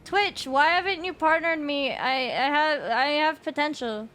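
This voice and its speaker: A woman's voice: high-pitched, measured pace, bright, forceful tone. A young adult woman streaming a game, chatting casually with her viewers in a rambling way, swearing often and laughing a lot.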